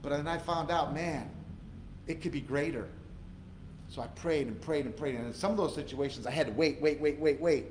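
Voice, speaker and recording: A man's voice: on the high side, normal speed, echoey room, a little hiss or hum, rough recording. A male pastor giving a conversational, earnest sermon in a church, repeating phrases for emphasis. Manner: earnest conversational preaching with repetitions.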